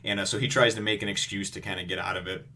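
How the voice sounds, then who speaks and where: A man's voice: lowish voice, fairly even intonation, very fast, bright, forceful tone. A man giving a casual, rambling review of a comic chapter, full of fillers and chuckles.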